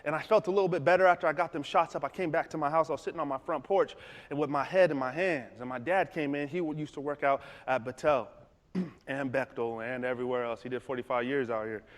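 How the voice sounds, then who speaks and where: A man giving a storytelling motivational talk, animated and acting out dialogue. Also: fairly high pitch, fast. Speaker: motivational speaker. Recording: long hall reverb.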